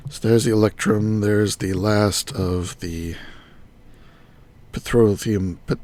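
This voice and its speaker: A man's voice: on the low side, steady tone, slow, darkish tone. A man streaming a game live, thinking aloud and muttering item names as he works. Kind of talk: live gameplay commentary.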